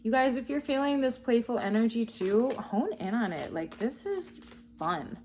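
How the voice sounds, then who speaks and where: A woman's voice: fairly high pitch, animated, normal speed, a little mellow, slight background noise. A woman giving a casual spiritual card reading, enthusiastic and encouraging, talking straight to her viewers. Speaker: tarot card reader.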